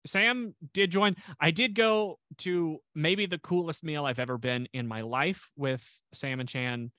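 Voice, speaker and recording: A man's voice: a little high, unhurried, sharp tone, no room sound. A man co-hosting a podcast in casual chat, rambling with lots of restarts and dry jokes. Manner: rambling, restarts a lot, self-deprecating jokes. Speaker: podcast co-host.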